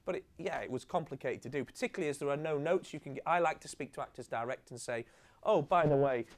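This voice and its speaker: A man's voice: on the high side, rapid-fire. Guy telling showbiz stories onstage, acts out the quotes, swears a bit. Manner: lively storyteller, acts out quotes, swears casually. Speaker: TV comedy director giving a masterclass. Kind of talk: anecdotal stage conversation.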